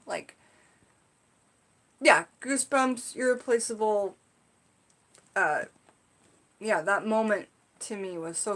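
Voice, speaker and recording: A woman's voice: fairly low pitch, gravelly, fairly bright tone. A woman teaching on a live stream about spiritual topics, telling a story in a casual, rambling way with lots of "like" and "you know".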